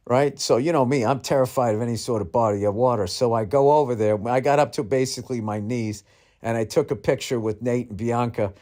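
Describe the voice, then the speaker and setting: A man's voice: medium pitch, steady tone, brisk, mellow. A middle-aged male comedian telling a rambling, profane, self-mocking story in a podcast monologue.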